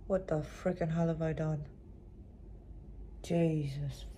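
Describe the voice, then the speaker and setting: A woman vlogging to her phone camera in a hospital room, talking expressively and often dropping to a hushed whisper. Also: on the low side, vocal fry, slight background noise, low-quality recording. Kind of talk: casual vlog talk to camera. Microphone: phone camera propped nearby.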